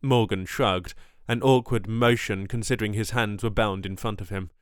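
A man narrating a first-person story in a measured audiobook delivery. His voice is low and smooth, and the recording is dry and close. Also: fairly even intonation, dry recording.

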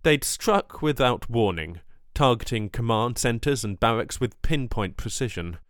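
A man reading a first-person story in measured audiobook narration, close to the mic. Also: mid-range voice, lively intonation, dry recording.

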